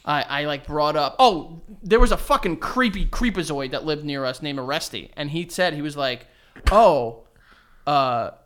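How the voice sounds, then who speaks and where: A young man co-hosting a podcast, telling stories in an animated way and acting out other people's voices. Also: fairly high pitch, normal speed, hardly any pauses. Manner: animated storyteller, acts out voices. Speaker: podcast co-host. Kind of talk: casual chat.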